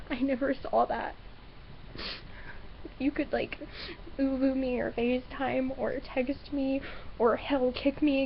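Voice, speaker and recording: A teenage girl crying and sniffling through a halting webcam apology, repeating herself. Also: high voice, creaky, muffled recording, slight background noise. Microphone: webcam built-in mic.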